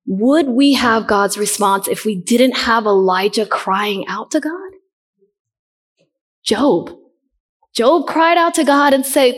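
Earnest woman preaching, high voice. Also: animated, takes it slowly. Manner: earnest, asks the listeners questions and repeats key phrases. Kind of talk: sermon.

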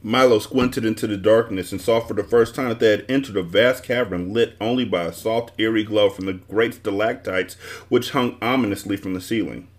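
A man's voice: fairly low pitch, fairly quick. A man reading a children's novel aloud as the host of a book club show.

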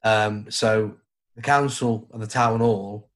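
A man's voice: on the low side, fairly even intonation, slow pace, a bit bright. Chatty man with a Stoke accent. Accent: Stoke-on-Trent English. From Stoke-on-Trent area, England. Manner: chatty, jokey, rambling with restarts. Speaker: radio presenter. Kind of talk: casual chat.

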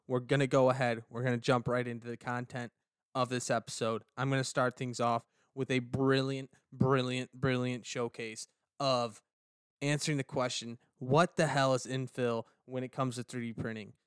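A man's voice: mid-range voice, little pitch movement, normal speed, clean tone, dry recording. A man co-hosting a casual podcast, joking and rambling playfully on a close mic. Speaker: podcast co-host.

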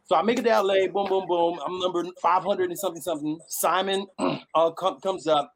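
A man from Miami who is an actor, telling a lively story and acting out the voices of the people in it. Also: sits high, brisk, poor audio. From Miami, United States. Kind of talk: animated storytelling.

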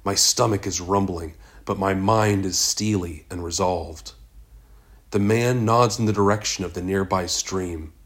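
Man, audiobook narrator, very low voice, slow, measured first-person reading. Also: steady tone.

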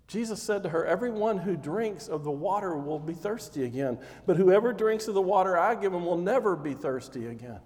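A man preaching a sermon, retelling scripture as lively storytelling and acting out scenes with rising intensity. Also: sits high. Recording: long hall reverb.

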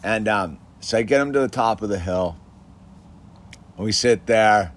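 A man's voice: on the low side, a little slow, a little hiss or hum. A man casually telling an anecdote, chatty, laughing often and full of filler words. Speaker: storyteller.

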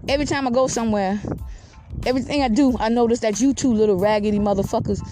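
A woman voicing a big, calm male tiger who mocks small animals in a slow drawl. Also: fairly high pitch, slight background noise, lightly acted. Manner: slow, drawling, laughs off threats.

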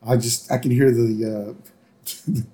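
A man's voice: mid-range voice, fairly even intonation, measured pace, mellow. A man casually narrating a cartoon episode as a podcast co-host, acting out short quotes. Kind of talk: casual episode recap chat.

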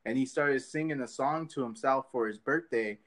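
A man's voice: mid-range voice, moderate pace, fairly bright tone. A man hosting a podcast in casual chat, rambling loosely with many fillers and swearing. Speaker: podcast host.

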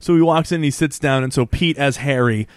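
A man's voice: mid-range voice, fairly quick, clear, resonant tone, no room sound, clean studio sound. Chatty man recapping an episode. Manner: animated retelling, quoting characters. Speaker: podcast co-host. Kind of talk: casual recap chat.

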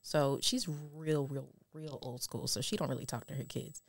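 Low gravelly woman, candid chat. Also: normal speed, no room sound. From Compton, California. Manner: candid, storytelling with acted-out quotes. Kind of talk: casual chat.

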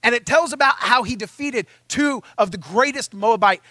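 A man preaching a sermon in a church, telling stories in an animated, self-mocking way. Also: very high voice, moderate pace, no echo. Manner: animated, self-mocking storytelling, acting out his own panic.

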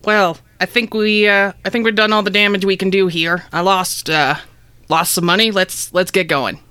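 A woman's voice: medium pitch, steady tone, moderate pace, sharp tone, smooth, dry recording. A woman playing a tabletop game, talking casually and hesitantly with restarts. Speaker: player.

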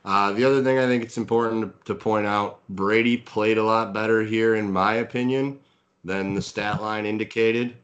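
Man, very low voice, casual sports talk, lots of ums and hedges. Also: fairly even intonation, normal speed, a bit bright, muffled recording. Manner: hedging, filler-heavy, analytical. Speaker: fantasy football podcast co-host. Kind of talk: casual sports analysis chat.

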